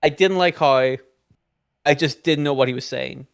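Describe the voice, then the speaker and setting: A man co-hosting a casual film podcast, animated and acting out reactions as he talks. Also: mid-range voice, normal speed, vocal fry, smooth. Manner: animated, acts out reactions in quotes. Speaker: podcast co-host.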